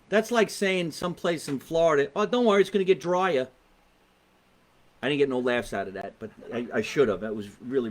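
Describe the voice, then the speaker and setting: A man with a New Jersey accent hosting a live online comedy talk show from his basement, brash and joking with viewers, swearing freely. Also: mid-range voice. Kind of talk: casual live-stream chat. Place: home basement.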